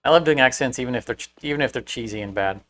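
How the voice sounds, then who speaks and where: A man's voice: medium pitch, very fast, a bit bright. A man streaming a building game, chatting casually and telling rambling stories with many restarts. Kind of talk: casual livestream chat.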